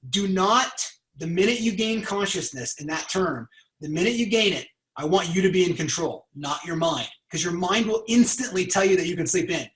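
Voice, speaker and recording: A man hosting a motivational conversation, talking in an energetic coaching tone. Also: sits high, fairly quick, roomy sound, low-quality recording. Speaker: podcast host.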